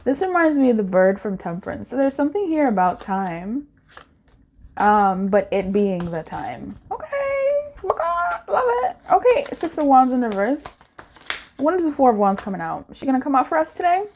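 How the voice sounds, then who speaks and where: A woman's voice: mid-range voice, animated, moderate pace, a little mellow, a little hiss or hum. A woman doing a casual pick-a-card tarot reading, playful and slangy, with frequent laughter.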